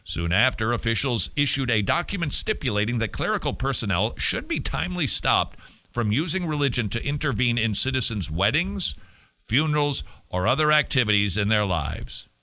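A man's voice: mid-range voice, big pitch swings, normal speed, pushed and bright. A man hosting a talk show, giving emphatic, sarcastic commentary. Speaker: host.

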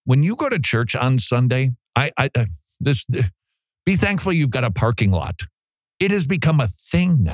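A man's voice: mid-range voice, big pitch swings, moderate pace, no room sound. A man hosting a radio show from a studio, talking casually, joking and laughing often. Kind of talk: casual talk-radio monologue. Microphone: studio mic.

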